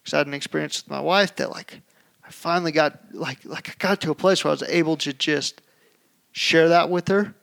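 Gravelly-voiced man telling a story. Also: on the high side, brisk. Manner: animated storytelling, acts out shouting. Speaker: podcast co-host. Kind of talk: casual chat.

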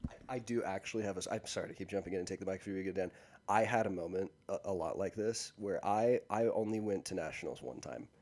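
A man co-hosting a podcast in casual chat, joking and talking quickly with lots of false starts. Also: low voice, a little mellow. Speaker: podcast co-host.

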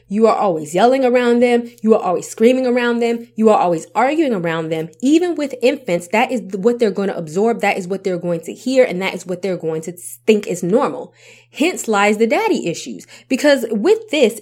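A woman's voice: medium pitch, expressive, moderate pace, a little mellow. A woman vlogger talking to camera about parenting, with emphatic repetition and rhetorical questions. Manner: emphatic, repeats points, asks rhetorical questions. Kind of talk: casual advice talk to camera.

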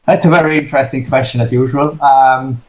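Australian man, relaxed interview guest. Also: medium pitch, fairly quick, poor audio. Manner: relaxed, rambling with fillers. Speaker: podcast guest, farmer. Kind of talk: casual interview answers.

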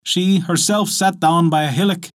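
A man narrating a folk tale as storyteller, lively and expressive. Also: high-pitched, moderate pace. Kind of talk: scripted narration.

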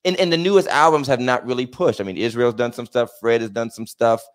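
A man co-hosting a casual podcast conversation, joking and animated, often breaking into laughter. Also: mid-range voice, fast. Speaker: podcast co-host. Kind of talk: casual chat.

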